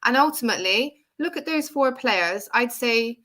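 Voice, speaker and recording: Animated, bright-voiced woman chatting football. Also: a little high, normal speed. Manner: animated, laughs often, quotes others. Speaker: football podcast co-host. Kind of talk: casual football chat.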